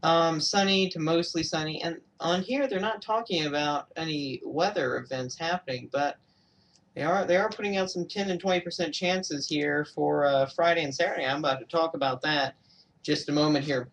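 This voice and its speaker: A man's voice: fairly high pitch, normal speed, fairly bright tone, far from the mic. A young man from Georgia giving a casual weather update on a livestream, hesitant, with many fillers and self-corrections. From Georgia, USA. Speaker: amateur weather broadcaster.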